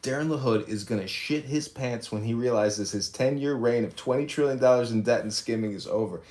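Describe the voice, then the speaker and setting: A man's voice: medium pitch, a little fast, darkish tone. A man hosting a social audio room, ranting brashly and mocking his critics from his office. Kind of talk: combative livestream rant. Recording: echoey room sound.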